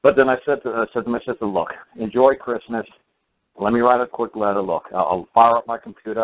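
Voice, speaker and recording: A man telling a long casual story as a talk show host, rambling with many fillers and restarts. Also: lowish voice. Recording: phone-like lo-fi radio audio.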